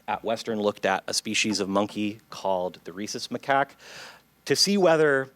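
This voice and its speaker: A man who is a psychology professor, presenting his research at a conference in a clear, measured lecturing manner that engages the audience. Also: lowish voice, a bit bright, no room sound. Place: lecture hall.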